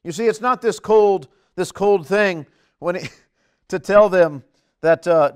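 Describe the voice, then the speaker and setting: Earnest high-voiced male preacher. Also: a little slow, clean tone. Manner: earnest, emphatic, lively swings in pitch and loudness. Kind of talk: sermon.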